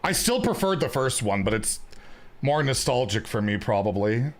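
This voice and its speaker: A man's voice: mid-range voice, big pitch swings, normal speed. A man, chatting casually while streaming a card game, joking and often repeating his words as he thinks aloud. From Canada. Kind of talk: casual gameplay commentary.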